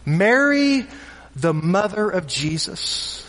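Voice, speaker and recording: A man delivers a sermon in a strikingly high, bright voice, slow and deliberate, stumbling over repeated words as he retells the story. The sound carries a long reverb, as if from a large hall. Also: big pitch swings. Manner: repeats words, dramatic pauses, voices characters in quotes. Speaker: preacher.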